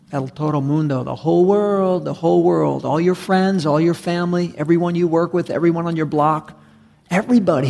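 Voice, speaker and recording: Male pastor, sermon delivery, gravelly voice a touch above average pitch, long church reverb. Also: a little mellow. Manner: conversational, emphatic preaching with repetition. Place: church sanctuary.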